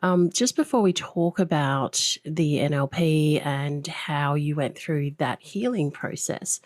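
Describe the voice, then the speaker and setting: A woman hosting a podcast with a low voice, talking earnestly and reflectively and pausing now and then. The recording is dry and close, with no room echo. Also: a little mellow. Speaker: podcast host. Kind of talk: conversational interview.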